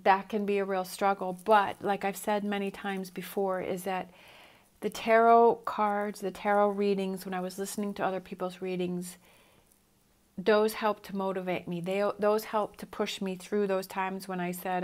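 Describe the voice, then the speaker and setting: A middle-aged woman gives a motivational tarot reading in a mid-range voice at a normal speed, with little pitch movement. She's earnest and encouraging, repeating her reassurances.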